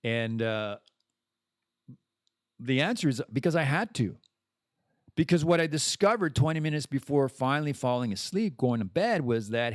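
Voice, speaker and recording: A man's voice: mid-range voice, lively intonation, moderate pace, pauses often, dry recording, studio quality. A man hosting a podcast, talking in a rambling, casual monologue full of restarts and the odd swear word. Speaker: podcast host.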